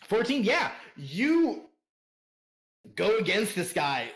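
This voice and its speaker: A man narrating a tabletop role-playing game as game master, animated and often laughing. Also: sits high, slow pace.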